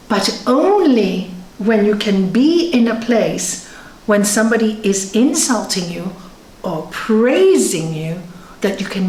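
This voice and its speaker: A woman yoga teacher giving a conversational spiritual talk, telling stories and acting out what people said. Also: mid-range voice. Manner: conversational, animated, tells stories with acted quotes. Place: yoga centre hall. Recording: echoey room.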